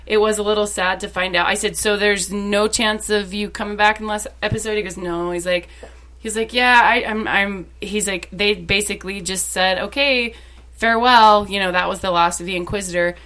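Bright-voiced excited young woman. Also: medium pitch, fairly quick. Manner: excited storyteller acting out quotes. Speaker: podcast co-host. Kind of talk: casual chat.

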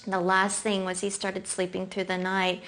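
A woman giving an earnest, emotional personal testimony, telling it haltingly and sometimes tearfully. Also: medium pitch, monotone. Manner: earnest, halting storytelling, breaks into soft singing. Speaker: testimony speaker.

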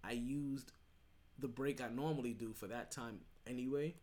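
A man's voice: mid-range voice, fairly even intonation, moderate pace, a little mellow. Emphatic rambling podcast host, man. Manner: rambling, emphatic, frequent restarts and "right?". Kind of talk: casual sports talk.

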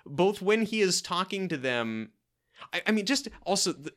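A man chatting casually as a podcast co-host, recapping a sitcom with animated acting-out of lines and frequent restarts. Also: normal speed. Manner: animated, acts out quoted lines with big pitch jumps; frequent restarts and repeated words.

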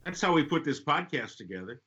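Podcast host guy, husky bright voice, lively pitch, kinda lo-fi sound, jokey. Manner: jokey, quick reactions, teasing. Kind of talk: casual interview chat. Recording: slightly dull lo-fi sound.

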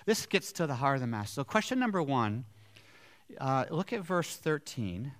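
A man's voice: mid-range voice, very animated, normal speed, a bit bright. A male pastor preaching a sermon in a mid-range voice. He talks to his congregation in a conversational way and keeps asking them rhetorical questions.

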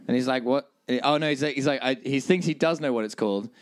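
A man's voice: medium pitch, fast talker. A man co-hosting a podcast, chatting casually and telling jokey stories with plenty of swearing. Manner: animated storyteller, jokey, swears. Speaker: podcast co-host. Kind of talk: casual chat.

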